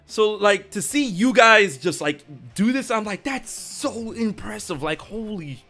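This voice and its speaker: A man hosting a casual interview, talking in a rambling, excitable way with lots of fillers. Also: high-pitched, a little slow, faint music behind. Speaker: show host and streamer.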